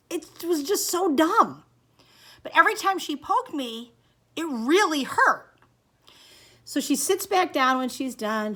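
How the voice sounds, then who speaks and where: A middle-aged woman telling a personal story to camera in a casual, animated way, acting out the dialogue. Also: fairly high pitch. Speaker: vlogger sharing her experience.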